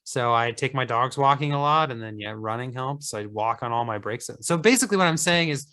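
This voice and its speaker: A man's voice: medium pitch, a little fast, sharp tone. A sleep-deprived man co-hosting a podcast, rambling casually and swearing as he talks. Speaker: podcast co-host.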